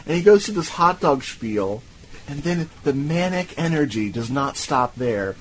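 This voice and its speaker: A man co-hosting a podcast, animated and profane, laughing as he recounts a film. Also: a little high, a little slow, slight background noise, low-quality recording. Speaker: podcast co-host. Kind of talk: casual film-review chat.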